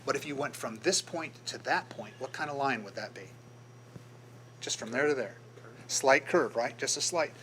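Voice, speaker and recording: A man's voice: mid-range voice, normal speed, fairly bright tone, rough recording. An older man, a graphic designer, giving a casual talk to a club and acting out the voices in his stories. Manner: storytelling, acts out quoted voices. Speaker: guest speaker, graphic designer. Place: meeting room.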